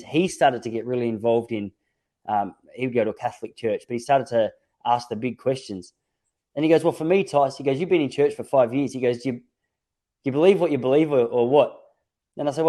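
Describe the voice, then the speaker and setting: A man's voice: medium pitch, mellow. A man hosting a casual podcast conversation, telling stories in a reflective way with frequent restarts. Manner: reflective, storytelling with many restarts. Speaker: podcast host.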